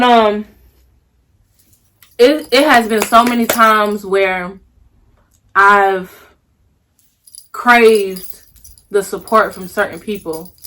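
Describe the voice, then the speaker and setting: A woman's voice: mid-range voice, a bit bright. A young woman vlogger talking to her viewers in a sassy, drawling way, repeating herself for emphasis and calling them honey and baby. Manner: emphatic repetition, slows down to stress points. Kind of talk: casual vlog monologue.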